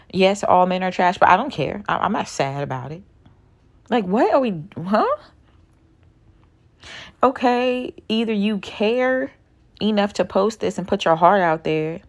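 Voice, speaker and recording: A woman in her thirties vlogging with a deep, low voice. She lectures bluntly and swears freely in casual reaction commentary. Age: 30s.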